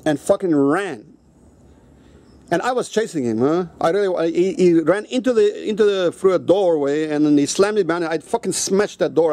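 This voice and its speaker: A man's voice: high-pitched, dark tone. A man vlogger telling a personal story in a blunt, heated rant full of swearing.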